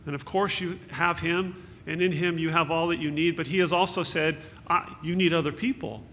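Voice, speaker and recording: A man's voice: on the high side, fairly even intonation, normal speed, bright, forceful tone. A man giving an earnest, consoling memorial sermon as pastor, quoting scripture. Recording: echoey hall with faint hum.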